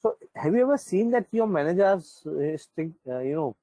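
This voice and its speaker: A man's voice: fairly high pitch, expressive, moderate pace, dark tone, no room sound, poor audio. Male teacher, dry sound. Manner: conversational, frequent "right?" and "you know". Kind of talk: online class lecture.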